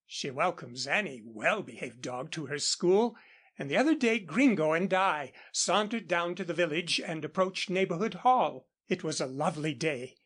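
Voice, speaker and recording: A man reading a classic novel aloud as an audiobook in a steady, even narration. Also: a little high, normal speed, breathy edge. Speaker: audiobook reader. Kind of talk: scripted narration.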